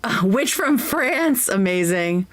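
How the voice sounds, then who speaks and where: A woman's voice: medium pitch, very animated, slow. A woman streamer chatting casually while reacting to a clip, bubbly and giggly, who slips into fluent French.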